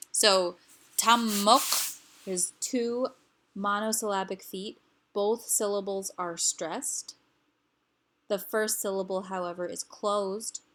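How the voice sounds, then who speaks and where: A woman's voice: medium pitch, a bit bright. A woman teaching grammar rules, explaining patiently and repeating each example word.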